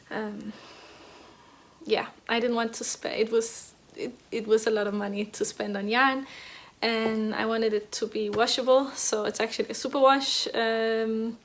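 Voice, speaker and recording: Chatty young woman, rambling with fillers. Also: on the high side. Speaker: knitting podcast host. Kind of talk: casual chat. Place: home.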